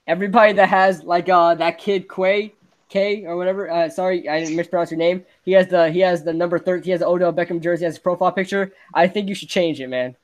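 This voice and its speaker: A young man hosting a casual sports podcast, ranting excitedly and laughing often. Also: sits high, fast. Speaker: podcast host.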